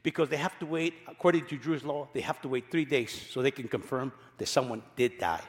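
In a big-sounding room, a male pastor preaches emphatically at a brisk pace and medium pitch. He repeats key phrases and swings between loud and quiet passages.

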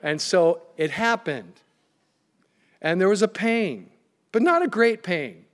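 Man, middle-aged pastor, slightly high-pitched, animated sermon delivery with scripture reading and personal anecdotes. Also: takes it slowly. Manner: reads scripture aloud and tells personal stories.

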